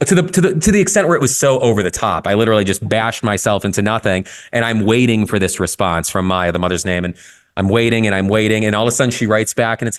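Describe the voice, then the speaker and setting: A man talking candidly in a casual podcast conversation, telling stories with frequent swearing and lively shifts in tone. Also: fairly low pitch, fast talker. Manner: candid, profane, storytelling, lively. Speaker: guest photographer.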